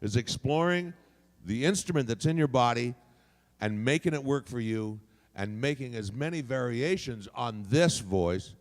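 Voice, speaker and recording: Man, convention panelist, lively sing-song delivery, long hall reverb. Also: mid-range voice, moderate pace. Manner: animated, demonstrates voices by moving resonance around. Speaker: voice actor panelist.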